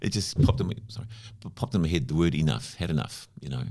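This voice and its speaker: A man's voice: extremely low pitch, animated, fast talker, warm tone. A man in his fifties from New Zealand, a podcast guest telling stories in a chatty, casual way, full of "you know" asides. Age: 50s. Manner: chatty anecdotal, lots of "you know" fillers. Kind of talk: casual conversational storytelling.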